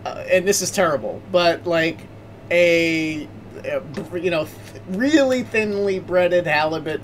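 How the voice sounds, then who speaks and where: A man's voice: on the high side, unhurried, a little hiss or hum. A man co-hosting a casual live-stream chat, rambling and stammering through restarts.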